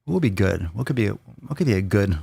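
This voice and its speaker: Casting: American man, livestream host, lowish voice, loose joking banter, dry close sound. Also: expressive, fast talker, vocal fry, warm tone, slightly rough, no echo. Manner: rambling, repeats himself, joking banter with chat. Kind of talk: casual live Q&A chat.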